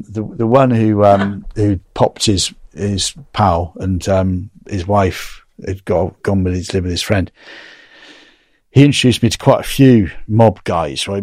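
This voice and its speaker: A chatty English man in his fifties tells long anecdotes, often breaking into laughter. His voice sits fairly low. The recording is dry and close. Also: no echo. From England. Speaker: guest. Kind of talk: casual storytelling interview.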